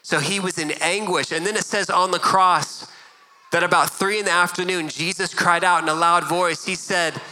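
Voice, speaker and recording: A man's voice: high-pitched, fairly even intonation, normal speed, sharp tone, low-quality recording. A middle-aged man preaching a sermon as a pastor, earnest and conversational, often repeating words as he goes.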